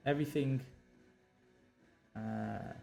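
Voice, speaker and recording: A man's voice: mid-range voice, steady tone, takes it slowly, creaky, a little mellow, soft background music. A male novelist on a live stream, talking through his writing with many fillers and restarts and reading draft lines aloud. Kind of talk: thinking aloud while drafting.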